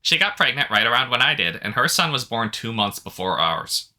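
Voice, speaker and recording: A man's voice: mid-range voice, fairly quick. A man co-hosting a casual chat show, reading stories aloud and chuckling between them. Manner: relaxed, chuckles often. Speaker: podcast co-host reading posts.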